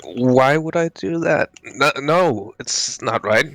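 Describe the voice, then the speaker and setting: A man's voice: mid-range voice, expressive, takes it slowly, fairly bright tone, no room sound. A man voicing a brash, cocky male prisoner who swears freely.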